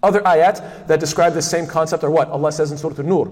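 A man gives a religious lesson at a brisk clip, his voice sitting a little high. He keeps asking "what?" and answering himself, with doubled fillers along the way. A long reverb trails behind him in a big room. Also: steady tone, darkish tone. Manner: asks himself rhetorical questions ("what?"); frequent doubled fillers and restarts. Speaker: Islamic studies teacher. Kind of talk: lecture on hadith.

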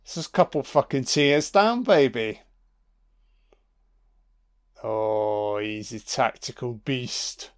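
A man's voice: mid-range voice, big pitch swings, slow pace, pauses often, clear, resonant tone. Sweary, sarcastic man. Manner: sweary, sarcastic, reacting live. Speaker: film commentator. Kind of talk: audio film commentary.

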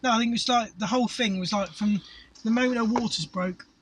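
A man's voice: sits high, fast talker, far from the mic, background noise. A middle-aged Englishman telling crude, sweary stories and laughing in casual chat, recorded in a parked car. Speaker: podcast co-host.

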